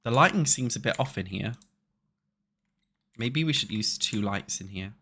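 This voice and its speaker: A man's voice: lowish voice, animated, normal speed, sharp tone, husky. A young British man streaming a building game, chatting casually with viewers and swearing freely. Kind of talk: casual chat while playing a building game.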